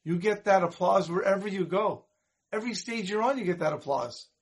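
A man's voice: high voice, fairly quick, slightly rough. A man voicing an impatient male talent manager who speaks firmly and with exasperation, as he retells a story. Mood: exasperated. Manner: firm, exasperated.

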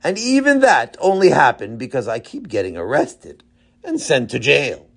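A man voicing a bumbling adult man who thinks he is a great tzaddik, in a high, whiny, emotional voice. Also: huge pitch swings, normal speed, vocal fry, a bit bright, slightly rough, heavily acted. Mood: sobbing.

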